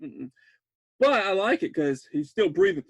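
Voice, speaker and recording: Brief: high-pitched man, dry close mic, laughs through a rambling horror-film recap. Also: sing-song, a little slow, husky, dry recording. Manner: rambling, laughs often, restarts words; jumps to loud disbelief. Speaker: podcast host recapping a film. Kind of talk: excited casual film recap.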